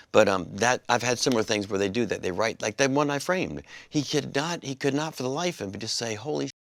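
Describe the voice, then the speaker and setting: A middle-aged comedian guest telling animated anecdotes in casual chat, full of quick asides. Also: male voice, mid-range voice, vocal fry, no echo. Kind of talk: casual interview chat, storytelling.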